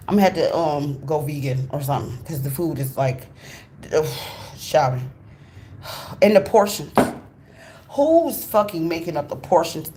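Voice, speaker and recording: A woman from the USA, hosting her channel and telling a casual story in a blunt, profane, expressive way straight to her viewers. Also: on the low side, slight background noise. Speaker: channel host.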